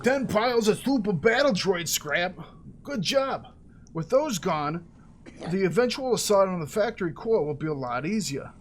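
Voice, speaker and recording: A man reading out a game quest giver's lines, a brisk officer handing out orders. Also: high-pitched, expressive, slight background noise. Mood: briefing. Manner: reading quest text aloud in a lightly acted voice.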